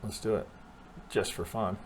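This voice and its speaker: Sharing his screen, a trading analyst muses over the charts in a relaxed way, backtracking mid-thought, peppering his talk with "right?" and blunt curses. He speaks at a moderate pace with a lowish, steady voice, and a faint hiss or hum sits under the recording.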